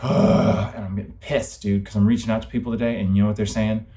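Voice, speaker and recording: A young man talks straight to the camera in a rambling, impassioned monologue, his voice sitting somewhat low. He speaks emphatically, drifts from point to point and swears freely as his frustration builds. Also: little pitch movement, fairly quick, mellow. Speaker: vlogger.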